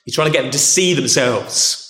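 Speaking at a normal pace with a sharp tone and medium pitch, a man gives a chatty sermon in a posh English accent. He keeps restarting his sentences and saying "okay," and the recording carries the echo of a hall.

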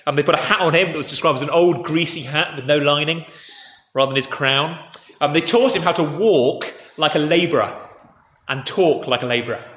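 A man preaching a sermon, telling a story in a relaxed conversational way and speaking to the children too. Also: fairly high pitch, fairly quick. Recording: echoey hall with faint ambience.

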